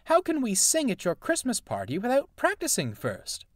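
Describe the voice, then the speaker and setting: A man's voice: very high voice, huge pitch swings, normal speed, no room sound, clean studio sound, voice pushed up, heavily acted. A man doing a cheerful young girl engine. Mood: teasing.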